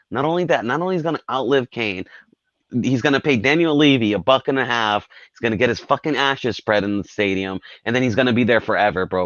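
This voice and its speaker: Animated, swearing man on a dull line. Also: mid-range voice, no room sound. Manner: profane, animated, keeps saying bro. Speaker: fan caller. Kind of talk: heated fan call-in rant.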